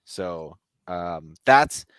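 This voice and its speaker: A man's voice: low voice, lively intonation, extremely slow, fairly bright tone, clear, resonant tone, no echo. A man hosting a podcast, telling a story in casual chat with joking, sarcastic asides. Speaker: podcast host.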